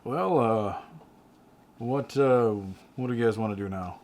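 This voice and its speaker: A man's voice: mid-range voice, unhurried, a little mellow. A man playing a tabletop game, chatting casually with frequent restarts and laughs. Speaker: player.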